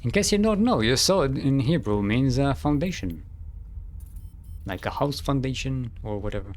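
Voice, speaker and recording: A man's voice: medium pitch, lively intonation, normal speed. A man streaming a game, thinking aloud in casual commentary and humming to himself.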